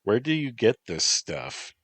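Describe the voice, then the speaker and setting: A man's voice: mid-range voice, big pitch swings, measured pace, dry recording, voice pushed up. Man reading as a sarcastic, guilt-ridden young man. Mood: dry. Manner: sarcastic, quietly remorseful.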